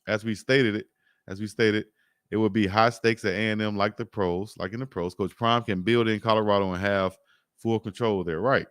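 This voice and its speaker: A sports talk host from Alabama, with a fairly low, steady, slightly bright voice at a moderate pace, chats casually on a livestream and reads out comments. He's laid-back and joking, chuckling often and repeating himself, in a dry, clean studio recording.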